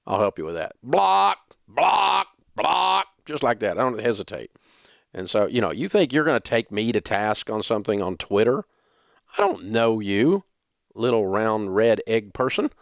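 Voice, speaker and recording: A man's voice: on the low side, lively intonation, moderate pace, dry recording. A middle-aged man with a Southern US accent, hosting a radio show in blunt, joking, dismissive banter on a studio microphone. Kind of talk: casual talk radio banter.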